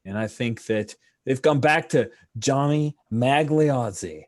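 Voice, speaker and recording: A man acting as game master over an online call, narrating a tabletop baseball game in a relaxed, chatty way with lots of fillers and little sportscaster flourishes. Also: mid-range voice, slow pace. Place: online call with screen sharing.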